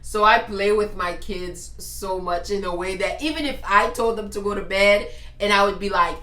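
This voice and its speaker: A woman co-hosting a casual talk show, a mother who tells stories animatedly and laughs often. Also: normal speed. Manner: animated storyteller, laughs often, jumps into high pitch. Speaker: podcast co-host, mother. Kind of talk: casual chat. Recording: echoey room with faint noise.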